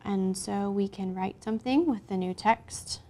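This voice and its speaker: A woman hosts a relaxed tutorial and narrates every tap and menu as she works. She talks in a chatty, unpolished way, with plenty of ums along the way. Her voice sits at an ordinary middle pitch. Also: a little slow. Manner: chatty, talks through each step with fillers. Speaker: craft tutorial host. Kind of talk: casual screen-recorded tutorial.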